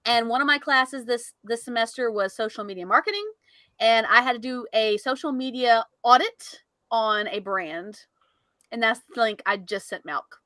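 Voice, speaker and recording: A young woman co-hosting a casual podcast, chatty and quick to laugh, swearing offhandedly. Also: fairly high pitch, animated, pushed and bright, no room sound. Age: young adult. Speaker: podcast co-host. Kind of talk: casual live podcast chat.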